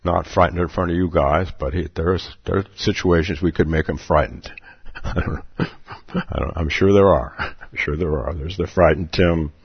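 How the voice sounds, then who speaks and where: Low gravelly Zen teacher. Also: male voice, moderate pace, no echo. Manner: playful, chuckles often, repeats questions. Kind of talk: dharma talk at a meditation retreat. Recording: dull lo-fi recording.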